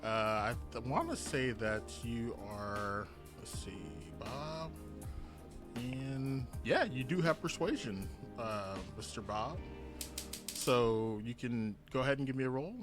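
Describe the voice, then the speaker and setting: A man's voice: medium pitch, takes it slowly, music in the background. A man running a tabletop game as game master, talking in a rambling, hesitant way with many restarts. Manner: rambling, lots of uh fillers and restarts.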